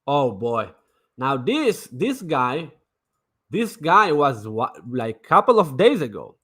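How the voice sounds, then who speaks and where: A man's voice: fairly high pitch, big pitch swings, takes it slowly, fairly bright tone. A man streaming crypto trading commentary in a brash, mocking way, swearing and repeating himself. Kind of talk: casual livestream commentary.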